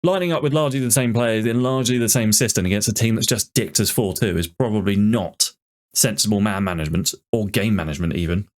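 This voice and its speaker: A man's voice: lowish voice, fast talker. A man commentating on his football management game, ranting in exasperation about it. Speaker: gaming YouTuber.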